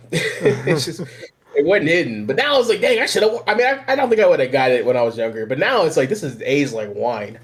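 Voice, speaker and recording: A man's voice: mid-range voice, very animated, a little fast. A young man with a Southern American accent, chatting boisterously on a podcast and laughing often. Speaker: podcast host, anime YouTuber. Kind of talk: casual podcast chat.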